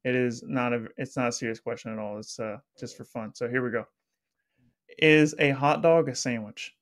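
A man's voice: medium pitch, steady tone, moderate pace. A man hosting a casual interview, upbeat and chatty with plenty of "like" fillers. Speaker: podcast host.

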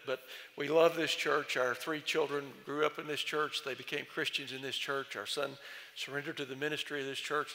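Older man telling folksy church stories. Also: mid-range voice. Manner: folksy, gently humorous storyteller. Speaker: former search committee chairman. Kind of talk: speech at a church celebration. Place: large church sanctuary. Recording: long church reverb.

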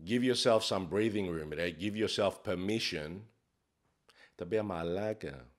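A man's voice: deep voice, measured pace. A man playing a brash, crude life coach, swearing in a swaggering, mock-profound comic monologue. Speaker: comedy character host.

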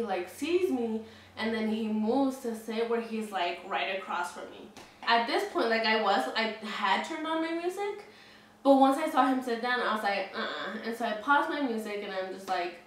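A woman vlogger in her twenties tells a story casually and chattily, saying "like" a lot and swearing often, her voice slightly high and fairly bright. The room is very echoey, the mic is at a distance, and there's faint noise.

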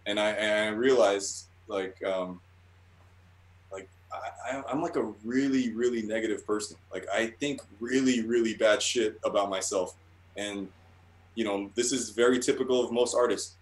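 A man's voice: on the low side, normal speed. A man talking casually in an interview, rambling and swearing, often restarting his sentences. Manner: rambling, profane, with many restarts. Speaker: guest artist. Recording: roomy echo.

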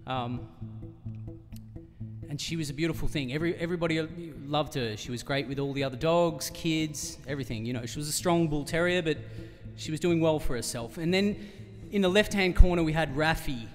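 A man's voice: fairly high pitch, brisk, soft background music. An Australian man telling a long, rambling comic story between songs at a live concert, full of fillers and restarts. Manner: rambling, self-deprecating, many fillers and restarts. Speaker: singer-songwriter telling a story on stage. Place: live music venue, in front of an audience. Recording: live concert hall with reverb.

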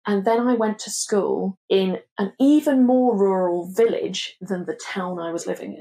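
A woman's voice: measured pace, gravelly. A young woman from England, a podcast co-host, telling a story in casual chat, acting out quotes and swearing freely. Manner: animated, acts out quotes with big pitch jumps, swears freely.

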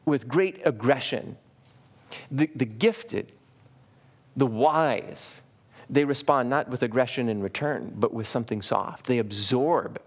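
A man preaching a sermon as pastor of a church live stream. He speaks earnestly, restarts and repeats words often, and slows down and softens on key phrases. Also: mid-range voice, lively intonation.

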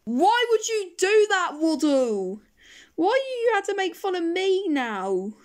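A woman voicing an excitable penguin friend who is quick to take offense, in a toy play-acting style. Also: very high-pitched, heavily acted. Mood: offended.

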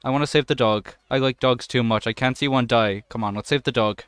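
Young male gamer, mid-pitch, clean and resonant, dry close mic; excitable, profane let's-play commentator. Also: fairly quick, clear, resonant tone, no echo. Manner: excitable, swears often, jokey running commentary. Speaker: gaming channel host.

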